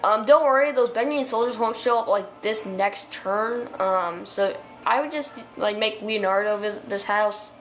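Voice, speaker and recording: A woman's voice: mid-range voice, normal speed, hardly any pauses, a bit bright. Young female gamer, casual rambling commentary, music faint behind. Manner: reads game text aloud, chatty asides, many fillers. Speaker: let's-play gamer. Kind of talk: casual let's-play commentary.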